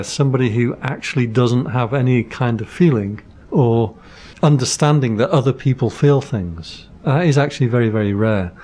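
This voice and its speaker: Monk explaining calmly. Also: male voice, mid-range voice. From Britain. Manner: patient explainer who uses analogies and dry jokes. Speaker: Buddhist monk guest. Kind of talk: casual podcast conversation.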